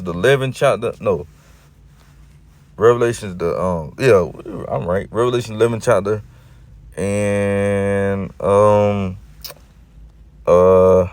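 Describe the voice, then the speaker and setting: A man giving casual scripture commentary. He reads verses slowly and with drawn-out emphasis, then explains them in loose talk, often tossing in "man" and "you see". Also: fairly low pitch, darkish tone, no echo. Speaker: scripture preacher.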